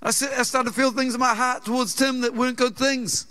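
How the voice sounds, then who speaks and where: A man with a New Zealand accent preaching a sermon in a church, telling a personal story with earnest, conversational warmth and acting out the voices in it. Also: very high-pitched, level tone, brisk. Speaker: pastor. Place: church auditorium.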